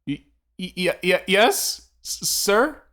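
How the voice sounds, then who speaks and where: A man's voice: sits high, sing-song, slow, sharp tone, voice pushed up, heavily acted. Man doing a stammering, panicked secretary. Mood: nervous. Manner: stammering, pleading.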